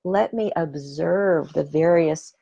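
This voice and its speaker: A woman's voice: low-pitched, takes it slowly, vocal fry, dark tone, slight background noise. A middle-aged woman hosting a reflective personal talk, earnest and emphatic, often repeating her key words for weight. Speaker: podcast host. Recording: dull lo-fi recording.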